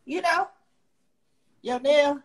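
A woman's voice: high-pitched, extremely slow. A young woman hosting a casual livestream chat, talking bluntly and profanely as she rants at her critics. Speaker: livestream host.

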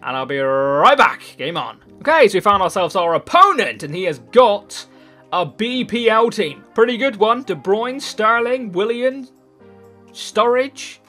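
A young man giving excitable live gameplay commentary, swearing freely and swinging between low mutters and loud outbursts. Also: a little slow, faint music behind. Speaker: gaming YouTuber.

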